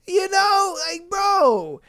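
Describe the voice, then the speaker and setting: Guy podcast host reading stories then ranting, slangy and cussing, slow and drawn out, super dry close sound. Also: extremely high pitch, dry recording. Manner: animated, slangy and profane, trading reading for rants. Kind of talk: reading listener stories and reacting.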